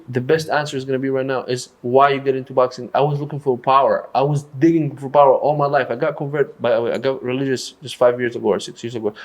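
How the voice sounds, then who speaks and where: A boxing coach, telling stories earnestly in a casual podcast conversation, often restarting his sentences. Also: mid-range voice. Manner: earnest, storytelling, halting restarts.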